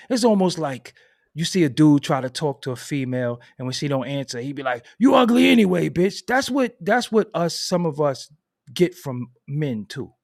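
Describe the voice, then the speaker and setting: Dude ranting on his stream, aave, goes from low mumbles to squeaky high, dry close mic. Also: no echo. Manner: animated venting, swings from low mutters to high outbursts. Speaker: commentary channel host. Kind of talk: casual livestream commentary.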